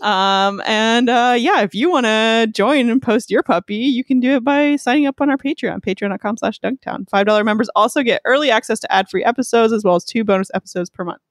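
A woman hosting a podcast in casual chat, playful and quick to laugh. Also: a little high, dry recording, studio quality. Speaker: podcast host.

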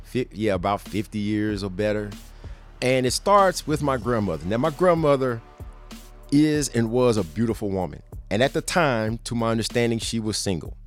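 Faint music plays behind a middle-aged man hosting a podcast, who speaks at a moderate pace. He tells a story casually, laughing frequently, and animatedly performs the other characters' lines in a higher pitch.

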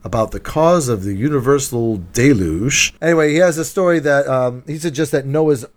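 A man's voice: mid-range voice, moderate pace, no echo. A man co-hosting a casual podcast, telling jokey stories and laughing mid-sentence. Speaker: podcast co-host. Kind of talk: casual chat.

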